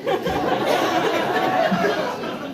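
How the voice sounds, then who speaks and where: A man's voice: extremely high pitch, very slow, a bit bright. A man doing a stand-up comedy set in a club, rambling with stammered restarts and bantering playfully with the crowd. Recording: roomy club sound from far off.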